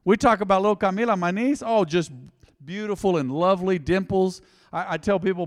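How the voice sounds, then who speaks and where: A middle-aged man preaching a sermon in a church, passionate and emotional, swinging between loud excitement and quiet, earnest talk. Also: high-pitched, brisk. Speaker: pastor. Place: church sanctuary. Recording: long hall reverb.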